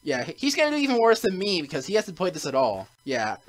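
Brief: excitable male gaming host, high and very animated, game music behind. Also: fast. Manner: excitable, yelps and shouts when in danger. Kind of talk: gameplay commentary.

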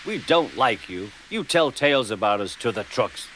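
A man's voice: mid-range voice, very animated, moderate pace, fairly bright tone, rough recording. A man voicing three proud, indignant big engines in a storybook reading, hissing with resentment. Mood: resentful.

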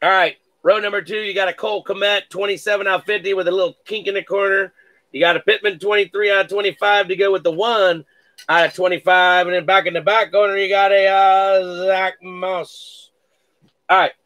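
High, gravelly, excitable card-break host. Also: male voice, brisk. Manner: excitable, hype catchphrases, mock-cursing. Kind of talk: live card-breaking stream chat.

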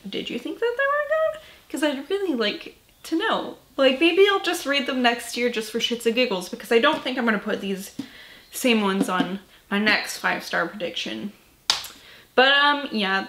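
A woman's voice: fairly high pitch, a bit bright, reverberant. A woman vlogging about books in a casual chat, tired and rambling, swearing casually and filling her talk with "like" and "um". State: tired, yawning. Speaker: book vlogger.

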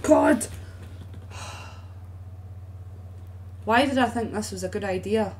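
A woman's voice: mid-range voice, takes it slowly, darkish tone, a little hiss or hum. A young woman chatting casually and bluntly to her viewers on a live stream, swearing freely, into a streaming microphone at home.

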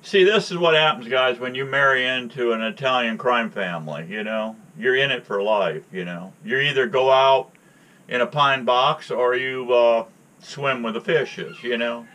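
A man's voice: medium pitch, normal speed, bright, forceful tone. A man hosting his own channel, telling a long joking story to his viewers with a folksy, chatty manner. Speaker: channel host. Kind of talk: rambling storytelling to camera.

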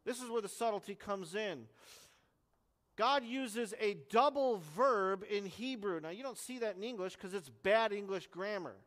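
A pastor giving an expository sermon, explaining a text earnestly and leaning hard on key words. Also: male voice, high voice, measured pace, a bit bright, long reverb tail. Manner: earnest, explanatory teaching with strong emphasis.

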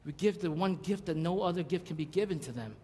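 A man's voice: high voice, animated, fast, a little mellow, slightly rough, big-room sound. A man preaching a sermon as pastor, in a casual, conversational way, often checking in with "you know" and "right?".

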